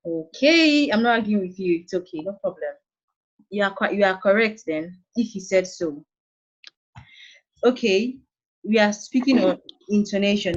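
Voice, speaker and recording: A woman with a Nigerian accent teaching secondary school English over an online call, patient and coaxing as she calls on students by name. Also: medium pitch. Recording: dull lo-fi online call audio.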